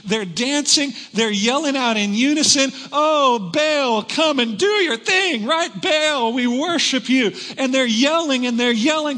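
A man preaching a sermon to a large congregation, retelling a story with dramatic swings between shouting and hushed tones. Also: very high voice, in a large hall. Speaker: pastor. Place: large church hall.

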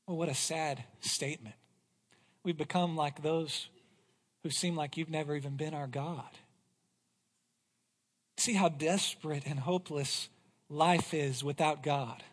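A man's voice: a little high, normal speed. A man preaching a sermon in a church, reading scripture aloud and building to earnest emphasis. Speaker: pastor. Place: church sanctuary. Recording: long hall reverb.

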